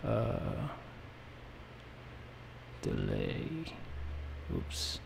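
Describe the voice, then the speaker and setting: A man from the Philippines giving an audio editing tutorial, talking quietly and thinking aloud while he works. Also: on the low side, wildly swooping pitch, very slow, vocal fry, background noise. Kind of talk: screen-recorded editing tutorial.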